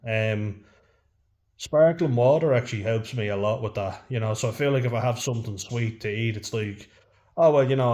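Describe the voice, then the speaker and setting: A man's voice: fairly low pitch, darkish tone. An Irish man vlogging to camera in a frank, casual chat, swearing freely and saying "you know" often.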